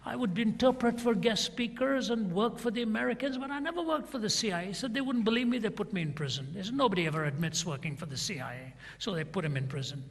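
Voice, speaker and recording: An older male preacher telling a story in a sermon, acting out both sides of a dialogue in a dramatic retelling. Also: high-pitched. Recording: long reverb of a large hall.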